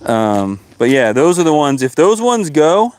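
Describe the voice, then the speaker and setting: A man's voice: a little high, very animated, unhurried, darkish tone, smooth. A man chatting casually while fishing outdoors on a live stream, easygoing and teasing. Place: outdoors by freshwater. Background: wind.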